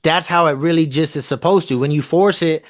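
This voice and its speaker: A man's voice: fairly high pitch, brisk, no room sound. A man chatting casually on a podcast, frank and swearing freely, often asking rhetorical questions. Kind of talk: casual chat.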